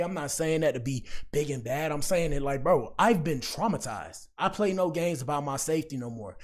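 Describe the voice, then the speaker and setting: A man's voice: on the high side, expressive, fairly quick, hardly any pauses. A man talking casually to his chat as a livestream commentary host, rambling and slangy. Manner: rambling, slangy, addresses chat often with "bro".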